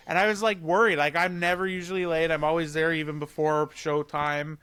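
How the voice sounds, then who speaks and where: Smooth-voiced man in casual podcast chat. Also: fairly high pitch, level tone, fairly quick, a bit bright, no echo. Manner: chatty, laid-back, lots of fillers. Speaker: podcast co-host.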